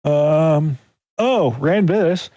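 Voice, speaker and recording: A man's voice: on the high side, extremely slow, mellow, dry recording. A man hosting a live talk show, reminiscing in an easygoing casual way. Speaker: host. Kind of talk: casual chat.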